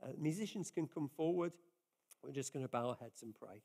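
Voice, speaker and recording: A man's voice: medium pitch, lively intonation, brisk, vocal fry, mellow, husky. A man preaching a sermon in an earnest, conversational way, often restarting his sentences as he talks to his congregation. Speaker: pastor. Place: church service.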